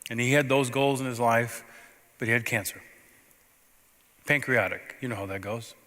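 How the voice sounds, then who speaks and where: This male pastor's bright, forceful voice, medium in pitch, echoes through the long reverb of a church sanctuary. At a normal speed he tells a story-driven sermon in a conversational style, shifting between loud outbursts and almost hushed asides.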